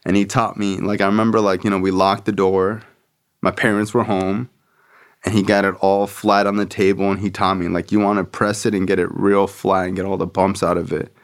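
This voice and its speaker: A man's voice: deep voice, little pitch movement, brisk. A man hosting a podcast, telling a personal story in casual, slangy speech full of "like" and swearing. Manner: slangy, profane, fills with "like", acts out friends' voices. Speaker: podcast host.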